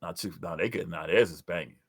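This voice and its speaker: A man from New York, older, co-hosting a casual chat and telling stories loudly with sudden high jumps in his voice. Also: fairly quick, gravelly, husky, no room sound, studio quality. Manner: loud, animated storytelling with sudden high jumps. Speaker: co-host.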